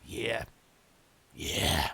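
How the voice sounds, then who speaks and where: Ranting New Zealand man, fiery and sarcastic. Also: extremely slow. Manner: fiery, sarcastic, swings loud. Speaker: host. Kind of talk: ranting talk show monologue.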